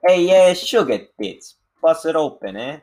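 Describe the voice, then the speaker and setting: A man's voice: medium pitch, brisk, darkish tone, a little hiss or hum, voice pushed up, lightly acted. A man putting on a crude Italian wise guy. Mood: swaggering. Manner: brash, flirty, leering.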